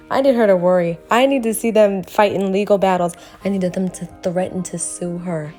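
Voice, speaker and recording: A woman narrating her drawing process in a casual vlog, animated and laughing often. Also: on the low side. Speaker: art vlogger.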